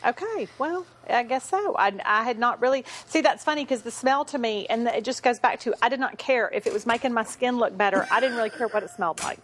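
A woman's voice: on the high side, a bit bright, a little hiss or hum. Agreeable woman co-hosting a chatty podcast. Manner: agreeable, quick affirmations, laughs easily. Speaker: podcast co-host. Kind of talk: casual chat.

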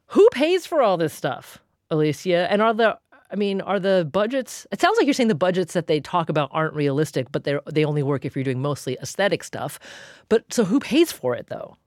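A woman's voice: sits low, a little mellow, no room sound, studio quality. A woman hosting a public radio talk show, who asks probing questions and gives brief affirmations. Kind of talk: radio interview.

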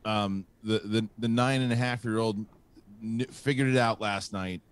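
A man's voice: lowish voice, fairly even intonation, normal speed, clean tone. A middle-aged man hosting a live show, telling a long personal story in a rambling way with many restarts and fillers. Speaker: host. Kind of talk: casual live show chat.

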